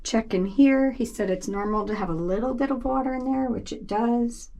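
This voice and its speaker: A woman's voice: fairly high pitch, dark tone, a little hiss or hum. A woman from New England on her boat, out of breath, chatting in a casual, rambling vlog style. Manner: chatty, laughing, slow and rambling. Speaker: boat vlogger. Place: on a boat, below deck.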